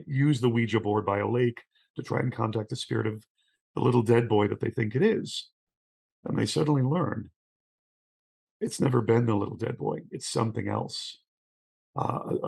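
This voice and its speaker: A middle-aged man with a gravelly, husky voice spins animated stories about horror films. He acts out the characters' lines and often restarts his sentences as he builds to the punchline. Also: mid-range voice. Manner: acts out scenes with quoted voices, frequent restarts. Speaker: guest, horror scholar. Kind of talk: animated storytelling in conversation.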